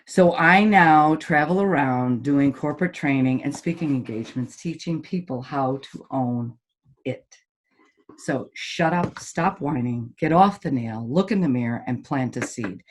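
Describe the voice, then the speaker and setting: A woman's voice: extremely low pitch, measured pace. A middle-aged woman, a golf teaching pro and motivational speaker, telling stories bluntly and vividly in a podcast interview. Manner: blunt, lively storyteller who acts out quoted voices.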